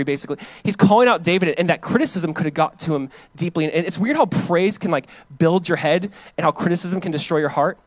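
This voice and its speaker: A man in his thirties, a pastor, preaching a sermon in a casual, conversational way, full of fillers and animated when he reads or quotes. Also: high-pitched, fast talker, no echo.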